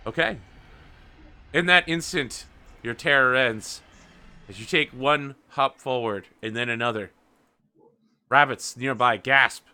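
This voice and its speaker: A man running a tabletop roleplaying game as game master, narrating playfully with quick asides. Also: medium pitch, bright, forceful tone, clean tone.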